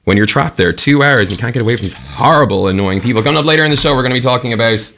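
Irish guy on morning radio, gravelly, ranting away and laughing a lot. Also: mid-range voice, racing, a little hiss or hum. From Ireland. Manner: animated, ranting, laughs often. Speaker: breakfast radio host. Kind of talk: chatty radio monologue.

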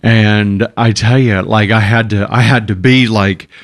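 A man's voice: fairly low pitch, fairly even intonation, a little slow. A middle-aged man co-hosting a radio show, sick with a cold and run down, rambling and laughing at himself in casual chat. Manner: rambling, self-mocking, laughs often. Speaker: radio co-host.

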